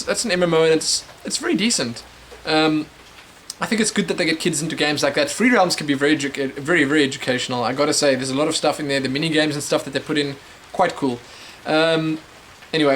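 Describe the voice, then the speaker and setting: A man's voice: on the high side, a bit bright, slight background noise. A young man from South Africa hosting a casual webcam show, answering viewer questions in a rambling, chatty way full of fillers and restarts. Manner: rambling, chatty, many fillers and self-corrections.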